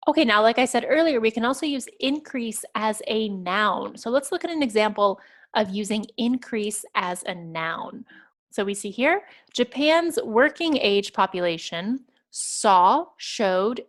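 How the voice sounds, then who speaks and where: Woman, English exam teacher, clear and patient, mid-pitched, step-by-step explanations. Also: a bit bright. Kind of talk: explaining vocabulary over slides.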